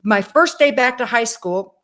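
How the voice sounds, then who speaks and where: A woman in her sixties, a guest on an interview show, telling her own story in a lively way, acting out the dialogue and speaking directly to the audience. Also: on the high side, measured pace. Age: 60s. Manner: animated, acts out dialogue in her stories. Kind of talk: personal storytelling.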